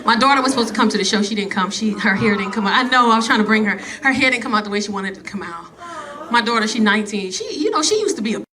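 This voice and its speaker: Middle-aged woman comic, high voice, bold and animated delivery, live club set with laughing crowd and room noise. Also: quick pace. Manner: bold, loud, animated storytelling with put-on voices. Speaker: stand-up comedian. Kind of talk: stand-up comedy set. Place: comedy club stage with a laughing audience.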